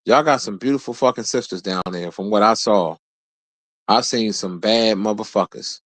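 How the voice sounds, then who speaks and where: A man's voice: normal speed, no echo. Profane man in his forties telling a story. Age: 40s. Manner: profane, animated, jumps high when quoting people. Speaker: streamer host. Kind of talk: casual storytelling rant.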